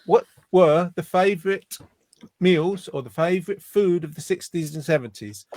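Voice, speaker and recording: A man's voice: high-pitched, moderate pace, a little mellow, a little hiss or hum. A man from the UK hosting a casual chat show, jokey and rambling. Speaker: host.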